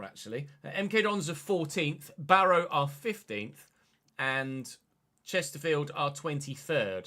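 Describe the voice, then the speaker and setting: His voice is a little high, bright and forceful as this young livestreamer plays a football management game. He gives casual live commentary, cursing and replying to his chat.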